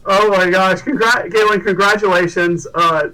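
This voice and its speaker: A man's voice: high voice, steady tone, normal speed, far from the mic, low-quality recording. A man hosting a casual livestream, upbeat and rambling, with lots of fillers and restarts. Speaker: livestream host.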